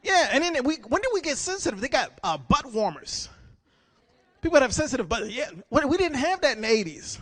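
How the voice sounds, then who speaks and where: A man's voice: extremely high pitch, very animated, a little fast, a bit bright. A man doing a live stand-up set at a gala, casual and chatty, repeating words as he goes. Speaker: stand-up comedian. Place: gala banquet hall with an audience.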